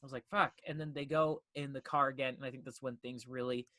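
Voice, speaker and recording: Animated, bright-voiced male podcast host. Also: mid-range voice, fast, no room sound. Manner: animated, swears freely, acts out reactions. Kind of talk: casual film discussion.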